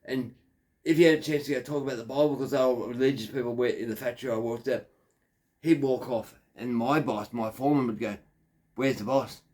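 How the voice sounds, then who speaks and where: A man's voice: medium pitch, brisk, a little mellow. A man in his fifties with an Australian accent, telling a crude, digressive story in a rambling monologue. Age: 50s. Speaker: factory worker.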